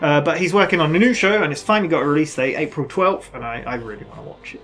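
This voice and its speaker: A man's voice: fairly high pitch, fast, fairly bright tone, soft background music. A man co-hosting a reaction video, chatting casually and laughing often.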